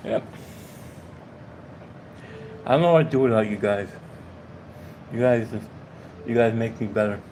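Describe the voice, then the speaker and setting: A man vlogging to his subscribers in a rambling, halting way, out of breath and repeating himself. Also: lowish voice, darkish tone, slight background noise, poor audio. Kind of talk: casual heartfelt monologue to viewers.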